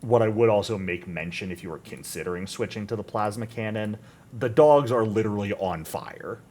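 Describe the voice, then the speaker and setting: Low-voiced man running a tabletop game. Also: a little fast. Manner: relaxed, chatty rules explanations with frequent fillers. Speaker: game master.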